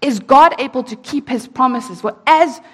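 A woman preaching a sermon, reading scripture slowly and emphatically and asking rhetorical questions. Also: high voice, husky. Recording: echoey hall.

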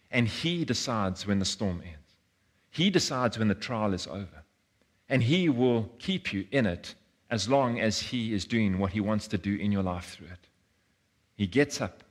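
A man's voice: lowish voice, animated, measured pace, breathy edge. A man, preaching a sermon in an earnest way, often repeating words and acting out voices. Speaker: pastor.

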